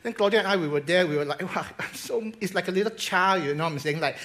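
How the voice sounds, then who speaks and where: A man preaches in a church with energy, stumbling over repeated words as he goes. His voice sits a little high, and he keeps drawing the congregation into call-and-response. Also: racing, a bit bright. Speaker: pastor. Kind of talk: sermon. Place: church hall.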